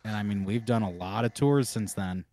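A man co-hosting a podcast, telling animated, profane stories in casual chat. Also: fairly low pitch, normal speed. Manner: animated, swears a lot. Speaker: podcast co-host.

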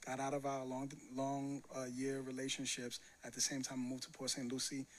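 A man's voice: mid-range voice, fairly quick, a little hiss or hum. A man from Brooklyn telling a personal story in a casual chat, acting out the voices he quotes. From Brooklyn, New York. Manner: animated storyteller, acts out quoted voices with laughter. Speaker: guest telling his love story.

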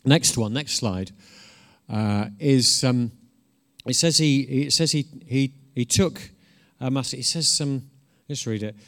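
A man's voice: mid-range voice, takes it slowly, fairly bright tone. A man preaching a conversational sermon. He is informal and earnest, restarts often, and swells into emphatic bursts.

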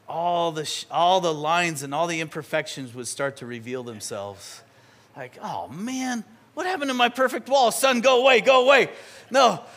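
Man, preacher, slightly high voice, lively storytelling, church sermon. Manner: animated, conversational, acts out scenes. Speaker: pastor. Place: church sanctuary.

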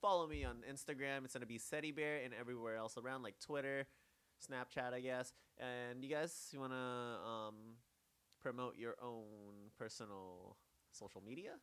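Bright-voiced laid-back podcast host man. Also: mid-range voice, steady tone, moderate pace, smooth. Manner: laid-back, rambling with fillers and restarts. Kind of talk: casual podcast chat.

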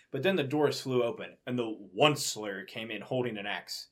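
A man's voice: mid-range voice, lively intonation, normal speed, few pauses. A young man with a mid-range voice reads a fan story aloud for comedy. He breaks in with wry, dry remarks about what the story says. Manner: wry commentary between read passages. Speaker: co-reader. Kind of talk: comedic dramatic reading.

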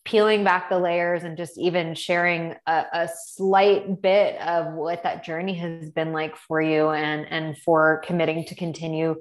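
Woman host, eager, filler-heavy talk, slightly low voice, echoey room. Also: level tone, measured pace, hardly any pauses. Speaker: podcast host. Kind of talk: conversational interview hosting. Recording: roomy echo.

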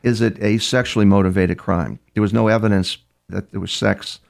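A man's voice: fairly low pitch, fairly even intonation, a little fast. An older man, a criminal profiler guest in an interview, telling stories conversationally with frequent restarts and repeated words. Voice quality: gravelly. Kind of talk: conversational storytelling.

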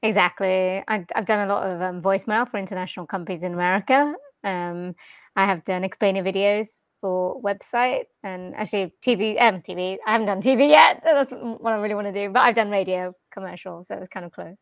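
A woman's voice: medium pitch, no echo, highs cut off. Chatty British woman, dry close sound. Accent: general British. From Wales. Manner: chatty, upbeat, quick to laugh. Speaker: voiceover artist and jazz vocalist. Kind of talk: casual interview chat. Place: quiet corner of a home lounge. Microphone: directional mic with pop shield.

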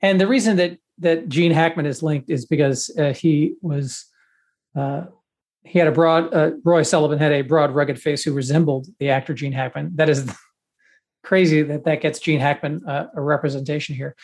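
A man's voice: fairly high pitch, steady tone, moderate pace, darkish tone. A middle-aged man co-hosting a casual podcast, trading dry, sarcastic jokes with his friend. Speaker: podcast co-host. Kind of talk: casual chat.

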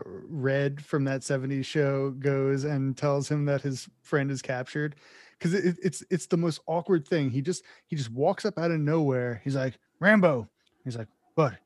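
A man's voice: mid-range voice, a little mellow, no room sound, studio quality. A man in a casual podcast chat about a film, joking and incredulous as he retells scenes. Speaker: podcast co-host. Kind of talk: casual movie discussion.

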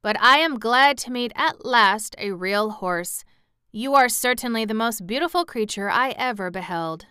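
A woman's voice: a little high, animated, moderate pace, sharp tone, clear, resonant tone, no room sound, studio quality, voice pushed up. A woman voicing an earnest, mildly proud male sawhorse made of wood. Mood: humble.

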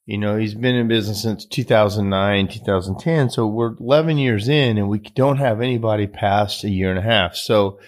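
A low-voiced man hosting his own podcast and telling a personal story. He speaks in an earnest, rambling way, full of fillers and restarts. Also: normal speed, hardly any pauses. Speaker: podcast host. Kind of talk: casual storytelling monologue.

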